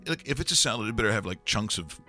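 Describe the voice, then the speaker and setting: A man's voice: fairly low pitch, expressive, fast talker, bright, forceful tone, faint music behind. A man co-hosting a sports talk show, bantering and joking casually.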